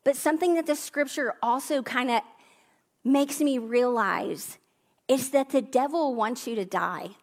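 A high-pitched woman preaching. She is middle-aged and talks in a conversational way, weaving family stories and asides into her sermon. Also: a little slow. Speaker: pastor.

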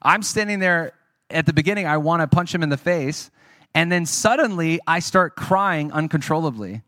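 Male preacher, conversational sermon storyteller; slightly higher voice, dry close mic. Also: expressive, normal speed, pushed and bright, no room sound. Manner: conversational, earnest storytelling with asides to the audience. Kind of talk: sermon with personal testimony.

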